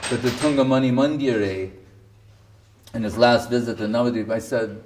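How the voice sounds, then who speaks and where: A male spiritual teacher, seated, giving a devotional sermon with provocative, animated storytelling and frequent laughter. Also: mid-range voice, moderate pace, distant mic, slight background noise. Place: indoor temple hall, seated.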